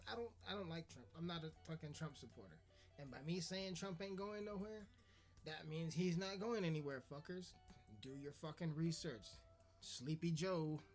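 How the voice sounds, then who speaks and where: A man hosting a podcast, ranting in a crude, sarcastic, swearing comedic style. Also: a little high. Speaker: podcast host. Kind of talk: profane comedic rant.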